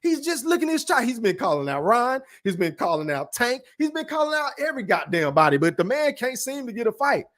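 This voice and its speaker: Profane high-voiced man ranting. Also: big pitch swings, fairly quick, hardly any pauses, fairly bright tone. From Texas. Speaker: podcast host. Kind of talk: casual boxing rant and livestream chat.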